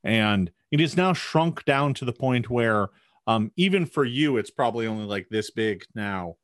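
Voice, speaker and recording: A man's voice: mid-range voice, lively intonation, moderate pace, dry recording. A man narrating as game master of a tabletop game, describing the scene vividly.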